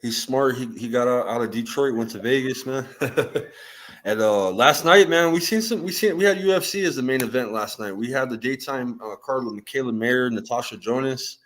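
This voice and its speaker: A man's voice: mid-range voice, moderate pace, a bit bright. A man hosting a casual talk show, easygoing as he greets guests and brings up topics. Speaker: host. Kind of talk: casual chat.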